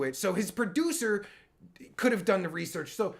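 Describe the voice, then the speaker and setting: A man's voice: sits high, lively intonation, moderate pace, vocal fry. A man hosting his own livestream, reacting to a clip in an exasperated, sarcastic and stammering rant. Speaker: podcast host reacting to a clip.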